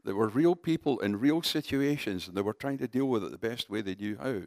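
Man, preacher, conversational sermon, animated delivery, dry recording. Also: fairly low pitch, brisk, no echo. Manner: conversational, animated, addressing the congregation as folks.

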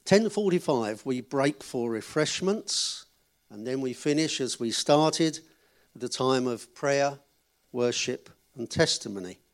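A man's voice: mid-range voice, expressive, measured pace. A man giving notices at a church gathering and then telling a short joke, in a chatty, friendly way. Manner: chatty, friendly announcer, joking with the audience. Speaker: event leader giving notices.

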